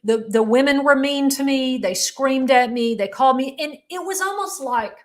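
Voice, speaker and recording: Interview guest: middle-aged woman, fairly high voice, candid and emotional, halting delivery with frequent restarts. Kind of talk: personal storytelling in an interview.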